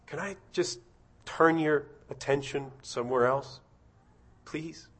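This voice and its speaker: A man preaching a sermon, asking his congregation direct questions and swelling into loud, impassioned passages. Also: slow. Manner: rising to loud, high-pitched impassioned preaching.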